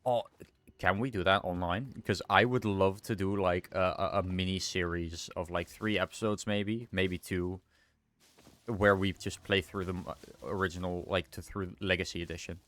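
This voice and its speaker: A man's voice: low-pitched, fairly even intonation, normal speed, a bit bright. A young man streaming a game, thinking aloud in rambling casual commentary and often correcting himself. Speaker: livestreamer.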